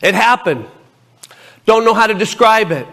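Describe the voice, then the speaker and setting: A middle-aged man giving a lively personal testimony at a church gathering, acting out dialogue as he tells his story. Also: high-pitched, normal speed. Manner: lively storyteller who acts out the dialogue and laughs often. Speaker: lay minister sharing his testimony.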